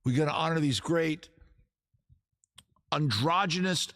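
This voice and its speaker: A man's voice: on the high side, a little slow, fairly bright tone. A middle-aged man hosting a casual comedy stream, rambling and jokey, with playfully grandiose announcements. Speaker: host.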